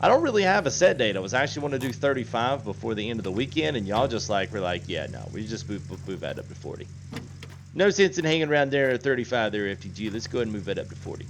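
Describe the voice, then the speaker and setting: A man's voice: medium pitch, big pitch swings, very fast, hardly any pauses, background noise. Chatty man streaming a game. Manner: chatty, laughs often, reads chat aloud. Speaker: gaming livestream host. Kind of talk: casual livestream chat.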